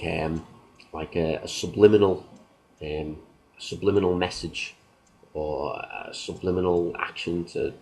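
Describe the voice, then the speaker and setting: A man's voice: deep voice, a little mellow, slightly rough, poor audio. A man hosting a self-help video, explaining in a loose, casual way with everyday examples. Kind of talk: casual talk to camera.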